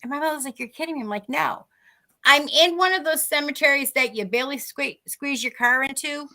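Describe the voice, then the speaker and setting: Woman, podcast co-host, bright voice, slightly high, animated storyteller. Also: a little fast. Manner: animated, acts out quoted dialogue. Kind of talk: casual storytelling.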